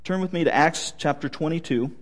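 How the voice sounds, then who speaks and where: A man's voice: a little high, fairly quick. A male pastor preaching a sermon, telling stories with light humor.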